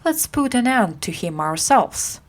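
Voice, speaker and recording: A woman voicing a big angry man in a crowd in a storybook reading, slow and gruff. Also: a little high, very animated. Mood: threatening.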